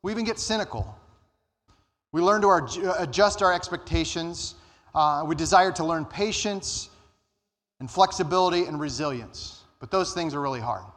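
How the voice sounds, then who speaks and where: A man preaching a sermon as pastor, earnest, rising and slowing down to stress his points. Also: a bit bright. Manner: earnest, rises in pitch and slows down for emphasis. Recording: church hall reverb.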